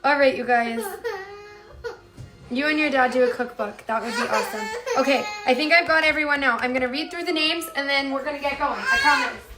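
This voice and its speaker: A woman's voice: high voice, brisk, over music. A woman hosting a home cooking livestream, chatting casually and reading out viewer comments in an upbeat way. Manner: chatty, upbeat, addresses viewers as "you guys".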